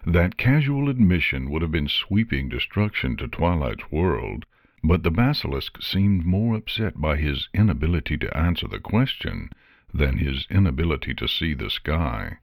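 Deep voiced guy reading a story slow, expressive, dry close sound. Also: dry recording. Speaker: narrator. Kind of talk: storybook narration.

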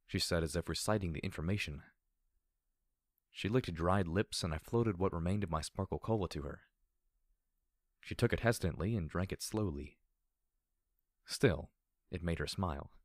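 A man reading a first-person story aloud in a steady, low-key narration. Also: unhurried, long pauses, dry recording, studio quality. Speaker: audiobook narrator.

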